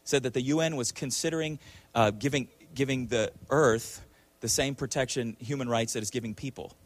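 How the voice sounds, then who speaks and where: A man's voice: mid-range voice, normal speed. A male preacher delivering a sermon emphatically, with frequent rhetorical questions and repeated words.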